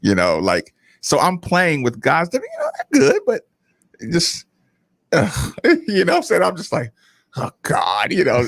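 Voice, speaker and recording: A man co-hosting a sports radio show, telling stories in a casual, animated way and acting out quotes. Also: a little high, normal speed, creaky, no room sound, clean studio sound. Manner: animated, laughing storyteller who acts out quotes. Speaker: radio co-host, former basketball player.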